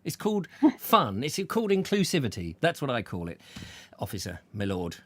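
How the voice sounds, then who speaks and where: A man's voice: mid-range voice, wildly swooping pitch, moderate pace. A man hosting a casual chat show, joking and rambling through anecdotes. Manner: chatty, jokey, rambling anecdotes with put-on voices. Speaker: host.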